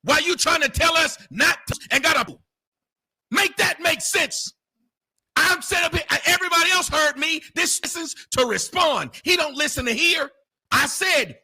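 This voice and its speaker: Male debater, high bright voice, sarcastic, argues loudly. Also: lively intonation, moderate pace. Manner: loud, sarcastic, often shouting. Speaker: debate panelist. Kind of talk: heated argument.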